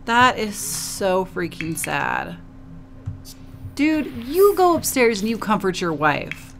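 Casual host, woman, mid pitch, very animated delivery, chatty game commentary over faint music. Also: slow pace. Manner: chatty, emotive, cooing at characters. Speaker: gaming video host. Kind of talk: casual let's play commentary.

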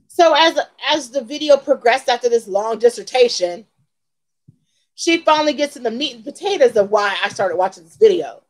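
Brief: forties woman vlogger, higher voice, heated and emphatic storytime. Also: lively intonation, moderate pace, low-quality recording. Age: 40s. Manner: heated, emphatic, repeats lines for effect. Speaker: beauty channel host. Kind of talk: venting storytime vlog.

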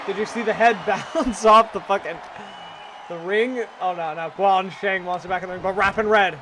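A man doing casual, profane play-by-play commentary of a wrestling video game, excitable and jokey, often shouting and laughing. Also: high voice, normal speed. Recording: loud crowd and game noise behind. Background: video game arena crowd.

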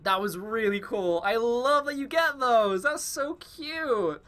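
A man hosting a gaming video, giving excited let's-play commentary in a gushing, excitable way. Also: extremely high pitch, slow, faint music behind. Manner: gushing, excitable, laughs often.

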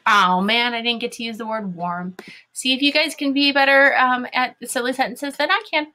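A woman's voice: on the high side, steady tone, normal speed, pushed and bright, slight background noise. A woman teaching a phonics lesson to young children, spelling words out letter by letter and sounding them out in an encouraging way.

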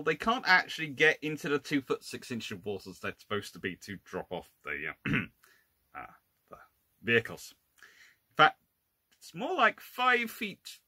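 A man's voice: mid-range voice, bright, forceful tone, husky, dry recording. A man, a naval historian, giving an informal illustrated lecture with wry, exasperated asides and frequent self-corrections.

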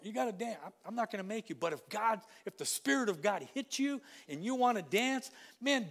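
A man's voice: high-pitched, a bit bright. A middle-aged man preaching a sermon as pastor, mixing conversational asides with rising fervor.

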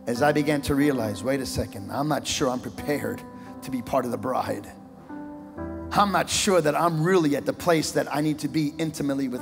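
A man in his sixties preaching a sermon, telling a story dramatically, moving from hushed tones to shouting. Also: a little high. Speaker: pastor. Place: church sanctuary. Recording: church hall reverb with music.

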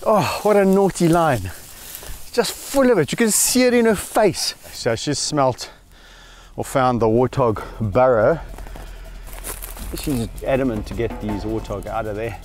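Lively, excitable man shouting outdoors. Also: medium pitch, measured pace. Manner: excitable, laughs often, shouts to the lions. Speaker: wildlife channel host. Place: outdoors in the bush on a walk with lions.

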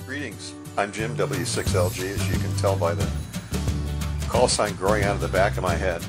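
A man who runs ham radio, explaining its basics from his home radio room in a relaxed, folksy way with dry asides. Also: deep voice, normal speed, music in the background. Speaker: ham radio operator and instructor. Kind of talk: casual how-to explainer.

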